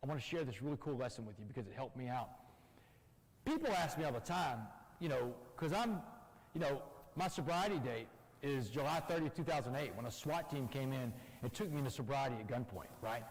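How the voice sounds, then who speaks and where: A man giving a motivational talk as a guest speaker, telling stories in an animated way and acting out the dialogue. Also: medium pitch, fairly quick, breathy edge, long reverb tail, low-quality recording. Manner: animated storytelling, acts out dialogue. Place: church hall.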